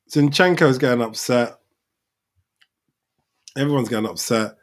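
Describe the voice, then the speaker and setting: Speaking in a mid-range voice at an ordinary pace, this man runs a live reaction to a football match, commenting over the action. He gets excited and yells at the players he sees on screen.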